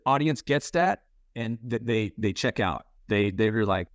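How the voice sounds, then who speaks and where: A man's voice: mid-range voice, measured pace, no echo, studio quality. A man giving acting advice in a casual interview, rambling and full of restarts. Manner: candid, swears casually. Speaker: interviewer, playwright and actor.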